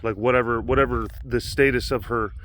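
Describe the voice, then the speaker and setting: A man's voice: mid-range voice, steady tone, a little fast, a bit bright, a little hiss or hum. A man hosting a casual vlog outdoors at an animal facility, telling a story in a jokey, rambling way full of restarts. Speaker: vlog host at an animal sanctuary.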